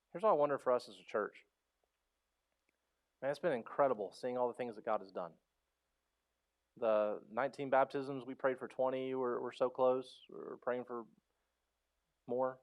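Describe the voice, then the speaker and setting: A man's voice: mid-range voice, fairly even intonation, moderate pace, pauses often. Passionate pastor man preaching. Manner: passionate, swings from loud pleading to soft. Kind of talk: sermon. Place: church sanctuary.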